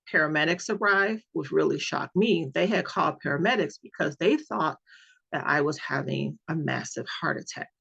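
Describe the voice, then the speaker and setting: A woman's voice: low-pitched, gravelly, a bit bright. A woman sharing her own experience as a patient, telling it earnestly and with emphasis, often repeating key words. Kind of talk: personal storytelling. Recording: dull lo-fi recording.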